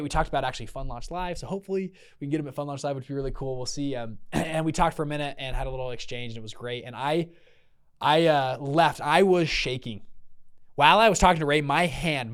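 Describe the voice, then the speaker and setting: A young man hosting a podcast, telling a story casually and animatedly, acting out the voices of the people in it. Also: mid-range voice. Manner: animated, acts out quoted voices. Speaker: podcast host.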